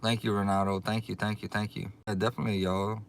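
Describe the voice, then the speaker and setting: A man hosting a casual livestream, excitable and drawling as he thanks his viewers over and over. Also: lowish voice, fast talker. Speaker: livestream host. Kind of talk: casual live chat. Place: outdoors.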